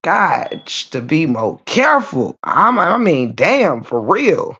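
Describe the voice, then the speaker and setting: A woman's voice: low-pitched, big pitch swings, takes it slowly, a bit bright, slightly rough, dull audio. A woman hosting a live stream, ranting bluntly and profanely in casual talk. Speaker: livestream host.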